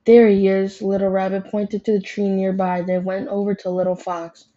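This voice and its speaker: A woman reading a children's storybook aloud in a plain, steady narration. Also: mid-range voice, moderate pace, highs cut off. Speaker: storybook reader.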